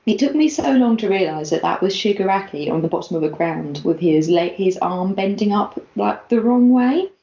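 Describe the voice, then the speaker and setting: A woman, co-hosting a podcast, chatting casually with giggles and animated quotes. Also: mid-range voice, moderate pace, vocal fry, few pauses. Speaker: podcast co-host. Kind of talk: casual chat recapping a manga chapter. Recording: lo-fi, echoey room.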